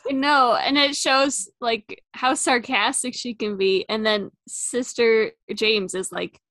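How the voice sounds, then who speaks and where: A woman's voice: fairly high pitch, steady tone, slow pace, a bit bright, no echo, clean studio sound. A woman co-hosting a casual film podcast, adding wry, joking asides. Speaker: podcast co-host.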